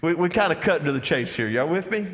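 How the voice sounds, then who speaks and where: Preacher man, kinda high voice, folksy, lots of echo from the big hall. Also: expressive, fast talker, a bit bright. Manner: folksy preaching, calls out "y'all" and "Amen?" to the congregation. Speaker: pastor. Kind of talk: sermon. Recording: long hall reverb.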